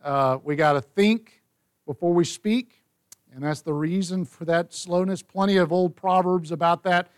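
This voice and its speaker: A man's voice: sits high, unhurried, clean tone. A man leading a Bible study, reading verses and explaining them in a conversational way. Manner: conversational, reads scripture aloud.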